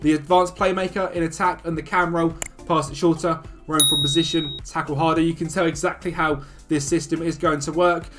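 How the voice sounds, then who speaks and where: Male video host, casual commentary, chatty and upbeat, slightly high voice. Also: fairly even intonation. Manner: chatty, upbeat, talks fast through stats. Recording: faint music behind.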